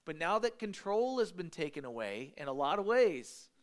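A male pastor preaching a sermon in an animated, conversational way, with emphatic asides to the congregation. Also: a little high, normal speed.

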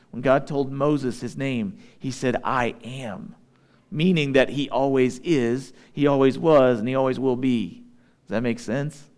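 A man preaching a sermon as a pastor, talking in a conversational way and checking in with his listeners. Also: medium pitch.

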